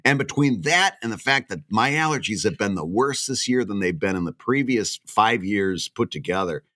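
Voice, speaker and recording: A middle-aged man trading jokes as a podcast co-host, his voice bright and forward. His pitch swings widely as he teases and laughs along, and he sounds a bit under the weather with a cold. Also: moderate pace, dry recording, clean studio sound. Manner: animated, laughs often, teasing. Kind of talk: casual chat.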